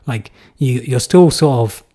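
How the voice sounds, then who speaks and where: Relaxed man chatting. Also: mid-range voice, measured pace. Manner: relaxed, loose, rambling with fillers and restarts. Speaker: YouTuber hosting a live Q&A. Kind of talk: casual live Q&A chat.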